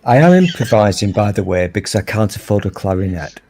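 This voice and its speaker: A man's voice: fairly low pitch, very animated, brisk, a little mellow, a little hiss or hum. A man chatting on a livestream call in a mock-grand, self-important joking manner. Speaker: guest. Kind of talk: casual livestream chat.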